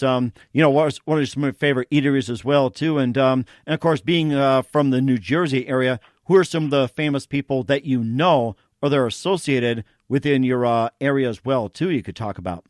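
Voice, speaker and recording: A man's voice: medium pitch, fairly quick, no room sound. Man hosting an interview, dry close sound. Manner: repetitive phrasing, leans on "as well, too". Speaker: show host. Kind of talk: casual interview.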